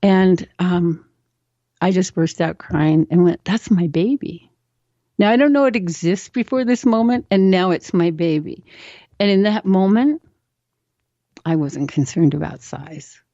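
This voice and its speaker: A woman guest tells a personal story on a talk show, slipping into other people's voices as she goes. Her voice is low and mellow and sits dry and close. The recording is slightly dull and lo-fi. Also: a little slow, dry recording. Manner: animated storyteller who acts out quoted voices. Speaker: interview guest. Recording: dull, lo-fi sound.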